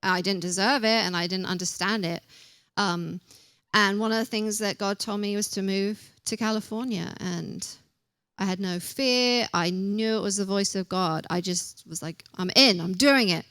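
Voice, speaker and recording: A young woman gives a casual sermon, warm in her humor and quick to poke fun at herself. Her voice sits at a middle pitch. The sound is dry, with little room around it. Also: fairly even intonation, smooth, no room sound. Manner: chatty and self-deprecating, acts out quotes. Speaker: preacher.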